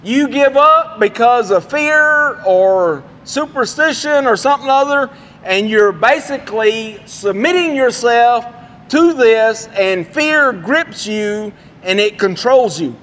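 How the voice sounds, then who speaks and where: Male pastor, very high voice, folksy sermon storyteller, long hall echo. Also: expressive, slow pace, fairly bright tone.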